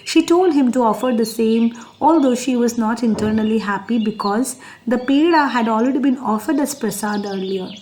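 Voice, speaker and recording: A woman's voice: a little high, moderate pace, hardly any pauses, darkish tone, slight background noise. A woman, reading devotional stories in an earnest, reverent manner. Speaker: devotional storyteller. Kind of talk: scripted devotional narration.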